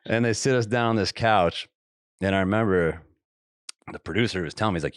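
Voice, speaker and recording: A man's voice: fairly low pitch, a little fast, no echo, clean studio sound. A man hosting a podcast, telling a story with laughs and dropping to a whisper for asides. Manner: laughing anecdotes, drops to a whisper for quoted asides. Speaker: podcast host. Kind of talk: casual storytelling chat.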